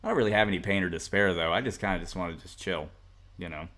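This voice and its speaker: Man, podcast co-host, casual chat, low voice, laughs a lot, rambling. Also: fast talker, a bit bright. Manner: laughing, rambling, reads a legend aloud.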